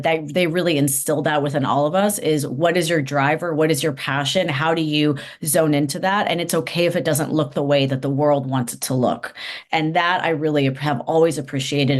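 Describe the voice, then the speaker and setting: A woman guest in a conversational interview, talking in a reflective, earnest way with frequent restarts. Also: low-pitched. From United States. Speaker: interview guest, nonprofit CEO.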